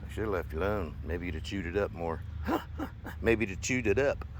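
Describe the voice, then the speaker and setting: A man outdoors pleads with and scolds his dog in a coaxing, exasperated way, his voice swooping from low mutters to high bursts. The recording is noisy, with outdoor ambience and a dog barking behind him. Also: lively intonation, moderate pace. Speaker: dog owner. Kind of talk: casual talk to his dog. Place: outdoors near a house and garage.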